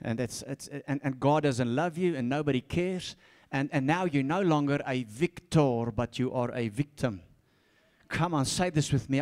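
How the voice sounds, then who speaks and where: A man preaching a sermon, swinging between soft asides and loud, repeated calls, often laughing and stumbling over his words. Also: mid-range voice, unhurried. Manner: laughs often, stumbles and restarts when fired up. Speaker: pastor.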